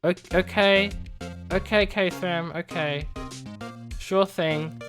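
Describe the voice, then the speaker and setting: A woman's voice: fairly low pitch, steady tone, slow, over music. A woman streamer chatting casually, stammering and mocking herself with minced swears.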